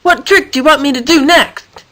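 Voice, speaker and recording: A woman doing an eager high circus animal. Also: moderate pace, fairly bright tone.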